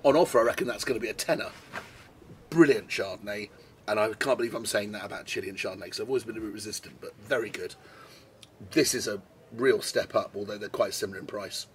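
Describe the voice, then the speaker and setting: A British man hosts a relaxed wine tasting on camera, chatting with enthusiasm as he samples and remarks on each one. His voice sits on the low side and moves at a quick pace, recorded on the camera mic with slight background noise.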